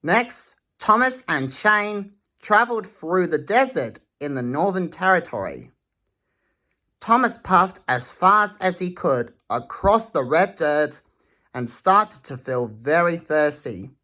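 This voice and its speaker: A woman reading a children's picture book aloud, slow and expressive with a sing-song delivery. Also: lowish voice. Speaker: storytime reader.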